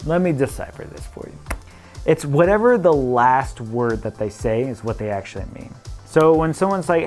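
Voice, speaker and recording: A man's voice: fairly high pitch, moderate pace, a little mellow, faint music behind. A man from the Midwest, a real estate broker talking casually to camera, playful and chatty, often laughing and acting out what people say.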